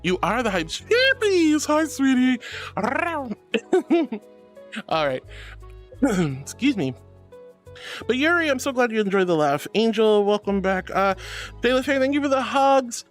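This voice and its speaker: A man's voice: high-pitched, sing-song, moderate pace, faint music behind. A man streaming live, reading chat messages aloud in a playful, giggly, affectionate way.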